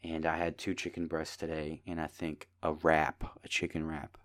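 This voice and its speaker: Low-voiced man rambling on a podcast. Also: completely flat delivery, moderate pace, a bit bright. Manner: rambling, jokey storytelling. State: tired. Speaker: podcast host. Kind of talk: casual solo podcast chat.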